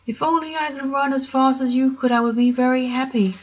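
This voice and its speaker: A woman's voice: high-pitched, steady tone, brisk, lo-fi sound, voice pushed up, lightly acted. A woman voicing a vain male lion king who is never satisfied, wistful and pleading.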